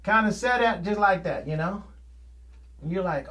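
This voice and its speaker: High-voiced folksy man rambling. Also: a little fast, pauses often, fairly bright tone. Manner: folksy, plain-spoken, laughs often. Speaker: painter hosting his own show. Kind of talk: casual rambling monologue.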